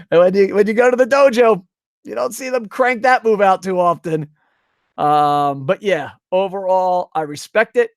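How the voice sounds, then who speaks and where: A man's voice: sits high, unhurried, dry recording, clean studio sound. Profane, rambling male stream commentator. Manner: rambling, profane, reads chat aloud. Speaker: wrestling review streamer. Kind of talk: casual live-stream commentary. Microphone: desk microphone.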